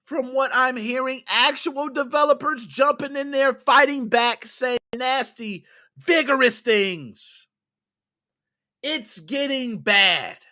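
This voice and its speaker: A man's voice: very high-pitched, slow pace, bright, forceful tone. A man hosting a gaming podcast, ranting in a heated, exasperated way, scolding his listeners in casual slang with plenty of cursing. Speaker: podcast host.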